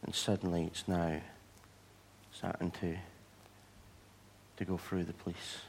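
Vicar guy, lowish voice, chatty sermon stories, does little voices for people. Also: unhurried, gravelly, a little hiss or hum. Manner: storytelling, animated voices for quoted people. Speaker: pastor.

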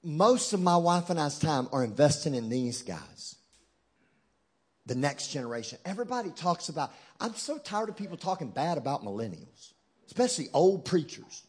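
A man preaching a sermon as a guest preacher in a church, moving from hushed, low passages to loud shouted climaxes with touches of humor. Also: big pitch swings, moderate pace, slightly rough. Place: church in front of a congregation.

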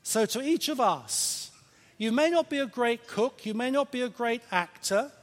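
A man preaching a sermon in a church, lively and playful, with emphatic points and questions to the congregation. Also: very high-pitched, moderate pace. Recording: reverberant church hall.

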